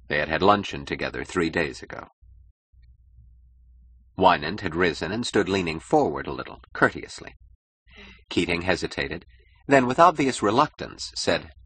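A man reading a novel aloud as an audiobook narrator, in an expressive, measured way. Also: low-pitched, slightly rough, no room sound.

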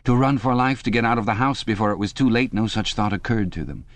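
A man reading an audiobook in a measured, dramatic scripted narration, close to the mic. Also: on the low side, no echo.

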